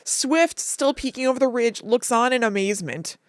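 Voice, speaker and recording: Young woman podcast cohost, kinda high voice, super animated and emotional recapping, dry close mic. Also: normal speed, no echo. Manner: animated, laughing and crying while retelling. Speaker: podcast co-host. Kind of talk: casual chat recapping a cartoon episode.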